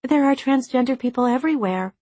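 A woman voicing an earnest young adult daughter who speaks calmly and reasons gently in an audiobook. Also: sits high, fairly quick, no echo, voice pushed up.

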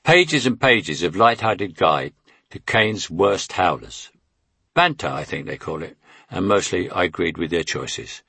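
A man's voice: low voice, expressive, measured pace, vocal fry, sharp tone, husky, dry recording. A man in his eighties with a London Cockney accent, reading his memoir in a wry, conversational way. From England. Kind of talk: audiobook memoir narration.

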